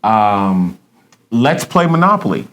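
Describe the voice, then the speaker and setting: A middle-aged man, a pastor co-hosting a casual chat, who talks in a preachy, animated way and acts out quoted dialogue. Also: lowish voice, slow, a little hiss or hum. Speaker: pastor and podcast co-host.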